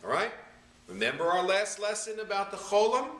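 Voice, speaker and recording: A rabbi patiently sounding out syllables one by one in a slow reading lesson. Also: male voice, sits high, sing-song, fairly bright tone. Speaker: rabbi teaching Hebrew reading. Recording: echoey room, voice a bit far from the mic.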